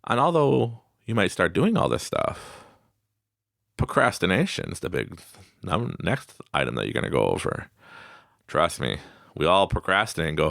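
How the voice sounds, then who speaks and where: A podcast host talks casually about mindset, laughing a lot and acting out the people he quotes. His voice is low and gravelly with a lively, swooping pitch. The studio sound is dry and close. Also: moderate pace, no echo. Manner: animated, laughs often, acts out quoted voices. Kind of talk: casual motivational talk.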